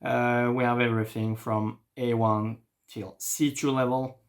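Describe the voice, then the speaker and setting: A man with a French accent teaches a beginner lesson in an unhurried, patient way. His voice sits at a middle pitch, and he thinks aloud while he writes out the examples. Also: little pitch movement. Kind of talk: online language lesson.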